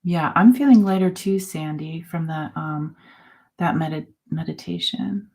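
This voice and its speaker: A woman in her forties hosting a casual live chat, talking in a halting way with many fillers and soft laughs. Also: low-pitched. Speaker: host.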